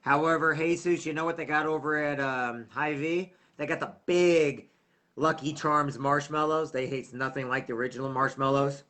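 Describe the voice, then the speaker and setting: A man's voice: fairly high pitch, steady tone, moderate pace, pushed and bright. A middle-aged man hosting a casual livestream, rambling and chatty, often losing his train of thought. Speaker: livestream host.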